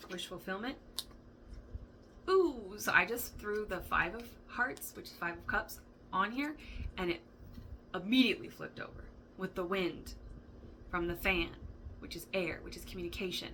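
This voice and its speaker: Bright-voiced woman giving a rambling tarot reading. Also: medium pitch, moderate pace, long pauses, a little hiss or hum, poor audio. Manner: rambling, thinks aloud, swears, laughs often. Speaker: tarot reader. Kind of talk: casual spoken tarot reading. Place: indoor room with a fan running.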